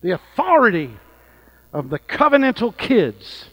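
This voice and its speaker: A man's voice: high-pitched, big pitch swings, measured pace, low-quality recording. A middle-aged man preaching a sermon, telling stories with rising fervor. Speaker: pastor.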